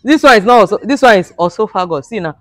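A man's voice: high voice, expressive, fast talker. Mock-outraged comic man. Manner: mock-outraged, pleading, broken English for laughs. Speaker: comedian. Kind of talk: comic monologue to camera.

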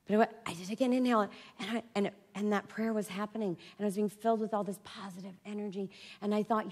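A woman giving a confessional personal-story talk at a conference, swinging from loud outbursts to hushed near-whispers. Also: medium pitch, fairly even intonation, fast, few pauses. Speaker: conference speaker. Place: conference stage before an audience.

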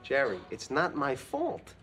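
A man's voice: mid-range voice, huge pitch swings, measured pace, a bit bright, slightly rough, full character voice. An actor playing a neurotic, self-pitying man, talking in anxious, whiny, rambling complaints in a sitcom scene. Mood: sheepish. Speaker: sitcom character. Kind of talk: sitcom acting. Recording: studio audience laughter over background noise.

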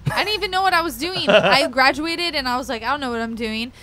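A woman's voice: high-pitched, lively intonation, fast, bright, forceful tone. A young woman from California talking casually as a podcast guest, rambling with lots of fillers. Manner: chatty, many fillers like "like" and "freaking". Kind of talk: casual chat.

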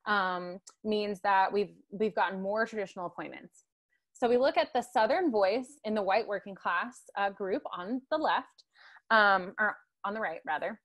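A woman's voice: mid-range voice, fairly bright tone. A woman giving a guest lecture over a video call, talking conversationally with many tag questions and fillers. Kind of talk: online lecture.

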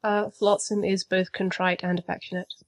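A woman's voice: medium pitch, little pitch movement, normal speed. Dry, understated woman player. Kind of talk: playing a tabletop game.

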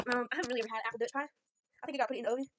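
Fast-talking chatty woman vlogger. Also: a little high, steady tone, noisy background. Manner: rambling, chatty, self-deprecating, southern y'all. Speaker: vlogger showing a shopping haul. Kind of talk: casual chat. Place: at home.

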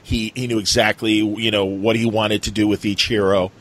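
Low-voiced man chatting casually. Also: level tone, moderate pace, fairly bright tone, low-quality recording. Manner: rambling, enthusiastic, many fillers. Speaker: podcast host. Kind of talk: casual chat.

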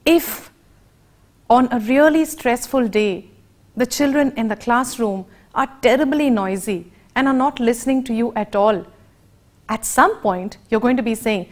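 Slow, high-voiced Indian woman lecturing. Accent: Indian English. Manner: deliberate, expressive teaching delivery. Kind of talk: educational lecture.

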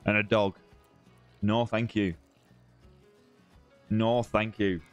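A southern English man hosting a live fishing-game stream, chatting casually with viewers, teasing them and tagging lines with "mate". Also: lowish voice. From southern England. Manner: chatty and teasing, many "mate" and "bro" tags, restarts. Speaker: live-stream gamer host. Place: home room.

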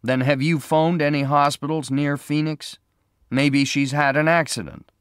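A man voicing a worried young shopkeeper who asks his questions softly and earnestly. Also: a little high, steady tone, measured pace, clear, resonant tone, no echo, studio quality, voice pushed up.

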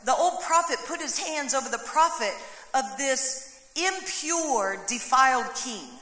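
High, bright-voiced woman preaching in a hall. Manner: animated storytelling with acted voices and humor. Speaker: pastor. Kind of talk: sermon. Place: church sanctuary. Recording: echoey hall, long reverb.

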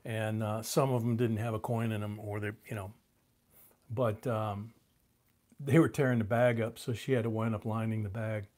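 A man's voice: on the low side, moderate pace. A man hosting a casual live stream, greeting viewers by name, with the hiccups. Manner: relaxed, greets viewers by name, chews while talking.

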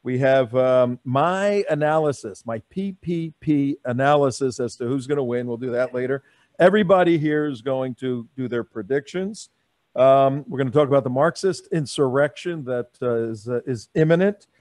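A middle-aged man hosting a live talk radio show, telling stories in a loud, animated, jokey way. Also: mid-range voice, moderate pace, no room sound. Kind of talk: excited live radio chat.

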